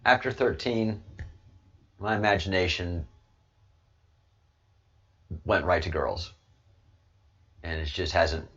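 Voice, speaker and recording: A man's voice: sits low, slow pace, pauses often, a bit bright, slightly rough, lo-fi sound. A man hosting a casual commentary livestream, rambling through his points with repetitive, joking asides, talking into a desk microphone. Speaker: livestream host.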